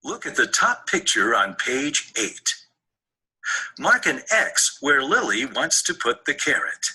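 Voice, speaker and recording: A man reading out scripted workbook directions in a slow, steady, even-toned manner. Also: medium pitch, breathy edge. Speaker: recorded lesson narrator. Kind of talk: scripted instructions.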